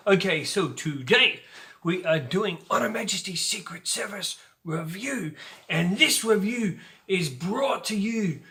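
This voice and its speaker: A man hosting a casual video film review, talking in an energetic, jokey and playful way. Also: high voice, a little slow. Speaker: host of a film review channel.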